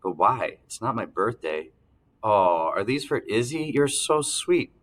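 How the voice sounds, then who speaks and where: A man reading an audiobook, voicing a middle-aged mother who speaks tenderly and softly pleads. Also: deep voice, moderate pace. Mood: surprised.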